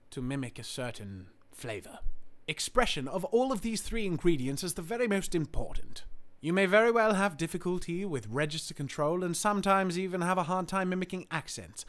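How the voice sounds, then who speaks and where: An Australian man teaching voice acting in a formal, carefully worded way. His voice sits slightly high and moves through lively swings of pitch. He lays out each point deliberately. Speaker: voice acting tutor. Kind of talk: scripted tutorial.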